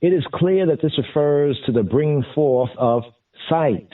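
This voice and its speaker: A man teaching scripture in a deliberate way, repeating and glossing each term as he goes. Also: fairly high pitch. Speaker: Bible teacher. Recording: distant, phone-like lo-fi sound.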